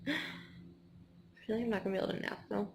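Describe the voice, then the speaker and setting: A woman's voice: mid-range voice, fairly even intonation, very fast, creaky, darkish tone, a little hiss or hum. A woman in her twenties chatting casually in a vlog after a race, tired and rambling with lots of "like" and restarts. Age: 20s. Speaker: vlogger.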